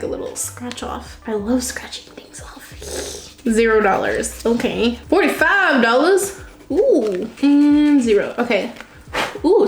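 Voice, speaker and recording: A young woman gushes excitedly as she unboxes at home, her slightly high voice bouncing around an echoey room. She chats casually and laughs often. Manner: gushing, excitable, laughs often, says "oh my God" a lot. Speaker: vlogger unboxing a subscription box. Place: home room, seated on a chair.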